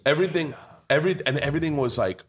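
A man's voice: fairly high pitch, rapid-fire, husky. A man hosting a podcast in a pub, telling a rowdy story full of swearing in casual chat. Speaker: podcast host.

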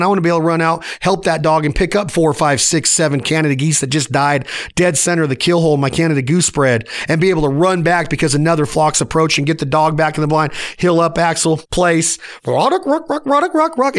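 A man in his forties delivers a fired-up solo rant as a podcast host. His voice sits a little high for a man, and he talks in emphatic, punchy bursts. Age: 40s.

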